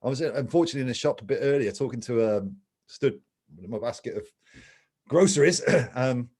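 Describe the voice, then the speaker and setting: Male co-host, warm mellow tone, opinionated and musing, casual cursing. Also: medium pitch, animated, brisk, husky. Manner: musing, argumentative, swears casually. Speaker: podcast co-host.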